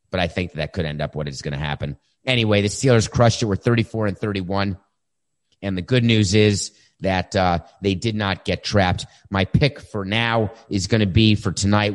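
A man hosting a sports betting talk show, animated and sarcastic, with quick asides. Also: fairly low pitch.

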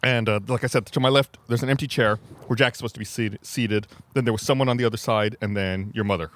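A man's voice: mid-range voice, steady tone, quick pace, a bit bright. A man co-hosting a casual podcast in a coffee shop, telling a funny anecdote in a joking, laughing way. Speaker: podcast co-host. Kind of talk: casual chat.

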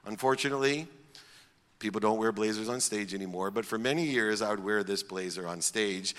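Forceful middle-aged man telling a story. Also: fairly low pitch, fairly quick, big-room sound. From Akron, Ohio, US. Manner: emphatic, builds in repeated lists. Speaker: public speaker. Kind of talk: personal storytelling.

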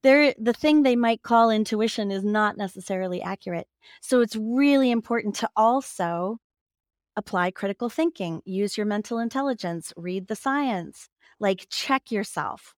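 A woman talking as an interview guest, a physician and author, telling stories with lively laughter. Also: medium pitch, moderate pace, no echo, studio quality. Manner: lively storyteller who laughs and acts out quoted voices. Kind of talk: casual interview conversation.

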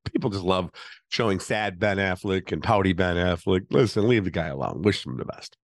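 A man's voice: low-pitched, normal speed, no room sound, studio quality. A middle-aged man hosting a casual, opinionated commentary monologue, chatty and full of fillers and asides. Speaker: show host.

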